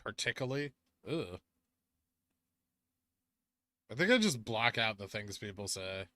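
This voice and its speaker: A man's voice: fairly low pitch, big pitch swings, moderate pace, bright, forceful tone, dry recording. A man hosting a casual stock market livestream, answering chat and thinking aloud over charts in an offhand, muttering way.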